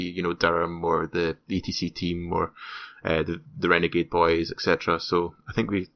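A man co-hosting a gaming podcast in a loose, rambling way, full of fillers. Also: low-pitched. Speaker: podcast co-host. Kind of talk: casual podcast chat. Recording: dry, slightly muffled sound.

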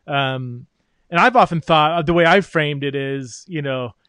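A man's voice: a little high, measured pace, a bit bright, clear, resonant tone, no echo. A man hosting an interview, speaking thoughtfully with frequent restarts and fillers. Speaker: podcast host, interviewer. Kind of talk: conversational interview.

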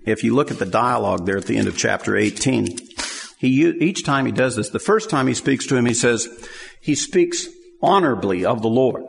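A man's voice: mid-range voice, expressive, a little fast, vocal fry, long reverb tail. A man preaching a sermon in a conversational way, acting out the scenes he describes.

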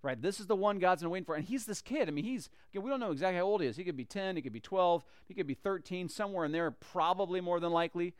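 A man's voice: sits high, expressive, quick pace, hardly any pauses, clean tone, no echo, studio quality. A man teaching a Bible story in a casual, conversational way, acting out the characters as he goes. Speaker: church teacher.

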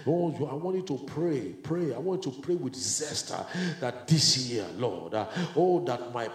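A man leading group prayer at a leaders' retreat, preaching in a halting way with many filler sounds and turning to fervent prayer in tongues. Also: mid-range voice, animated. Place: retreat meeting room. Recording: echoey room.

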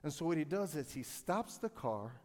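A pastor preaching a sermon to his congregation, calling for responses and swinging from quiet storytelling to loud, shouted peaks. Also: on the high side, big pitch swings, moderate pace, in a large hall. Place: church sanctuary.

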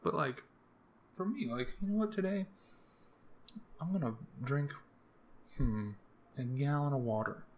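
A young man from the US East Coast hosting a podcast alone, rambling through profane, jokey rants with sudden jumps in pitch. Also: unhurried, long pauses. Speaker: podcast host. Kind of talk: casual solo rambling monologue.

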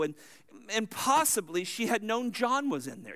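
A man's voice: high-pitched, expressive, normal speed, gravelly, a bit bright. A man preaching a verse-by-verse sermon, explaining the text in a teaching manner with asides.

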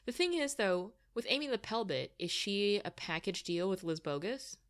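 A woman's voice: medium pitch, expressive, normal speed. A woman co-hosting a soccer podcast, talking through rosters in a casual, analytical way with dry teasing asides. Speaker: podcast co-host.

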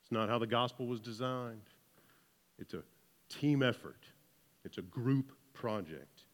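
A man's voice: mid-range voice, expressive, a little slow, big-room sound. A man with a Southern US accent preaching a sermon to a congregation, joking with them and often checking in with "right?". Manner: conversational, keeps asking "right?", jokes with the congregation. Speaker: pastor. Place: church hall with about seventy people.

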